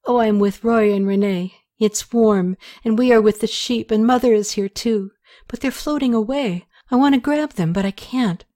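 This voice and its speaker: A woman voicing a gravely ill young woman who speaks in a pained, pleading voice, drifting between fever dreams. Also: on the high side, moderate pace, dark tone, close to an everyday voice. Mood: dreamy.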